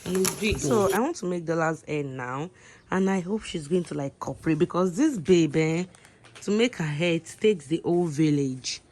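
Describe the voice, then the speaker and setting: A young Nigerian woman in her twenties talks to her vlog audience from home. Her voice sits a little low for a woman. She rambles in a loose, chatty way, with lots of "like" and "so yeah" between thoughts. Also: lively intonation, moderate pace, darkish tone, a little hiss or hum. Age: 20s. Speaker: vlogger. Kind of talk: casual vlog chat.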